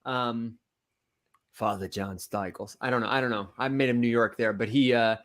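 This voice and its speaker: A man's voice: medium pitch, brisk. A man with a Michigan accent and a nasal, reedy voice, chatting casually as a podcast host and telling stories with animation. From Las Vegas to Michigan, United States. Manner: animated storyteller, laughs easily. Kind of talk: casual livestream podcast chat.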